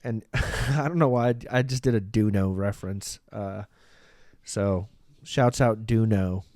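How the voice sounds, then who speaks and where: A man's voice: fairly low pitch, unhurried, darkish tone, no echo, studio quality. A man hosting a podcast, talking through a casual comedic monologue in a rambling, profane way, with frequent restarts, into a microphone. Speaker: podcast host. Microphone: studio microphone.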